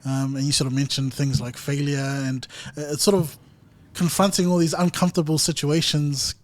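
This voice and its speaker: A man's voice: on the high side, level tone, moderate pace. A young man hosting a podcast interview, speaking thoughtfully and hedging with fillers. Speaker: podcast host. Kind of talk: casual interview chat.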